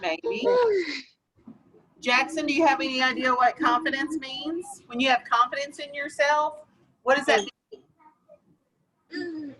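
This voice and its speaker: A woman teaching young children in a classroom, patiently asking questions and slowly explaining vocabulary. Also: sits high, background noise. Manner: patient, questioning, slow and encouraging. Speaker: elementary school teacher. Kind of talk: classroom lesson.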